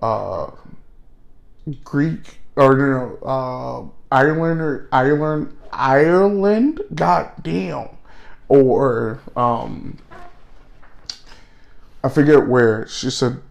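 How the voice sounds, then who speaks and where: A man co-hosting a casual podcast in a laid-back way. He tells stories with laughs and the odd curse. His voice sits at an ordinary pitch. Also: very slow, gravelly, long pauses. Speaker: podcast co-host. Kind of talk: casual chat.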